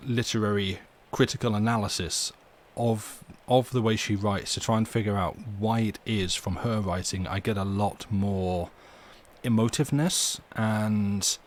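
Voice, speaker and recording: A man talks casually to his live-stream chat in a somewhat low voice. He rambles, stops to restart his sentences, and breaks into small chuckling asides. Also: steady tone, a little slow. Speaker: streamer reading stories aloud.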